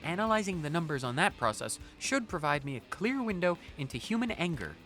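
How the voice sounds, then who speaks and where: A curious, analytical hologram researcher speaks in a formal, measured way, read aloud by a man. The tone is bright and lively in pitch, with faint game music underneath. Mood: inquisitive.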